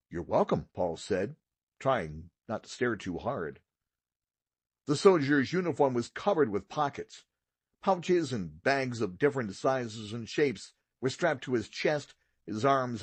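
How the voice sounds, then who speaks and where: A man narrating a children's audiobook, with steady, expressive read-aloud storytelling. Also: medium pitch, breathy edge, no room sound. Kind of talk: scripted narration.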